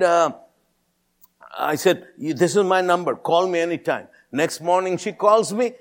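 In his sixties, a pastor gives an animated testimony during a sermon, his gravelly voice climbing high whenever he quotes other people.

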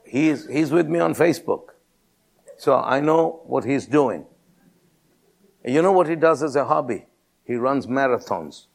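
Gravelly older man preaching a testimony. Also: unhurried, long pauses. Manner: animated storyteller, rises high when quoting others. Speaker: pastor. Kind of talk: sermon testimony storytelling.

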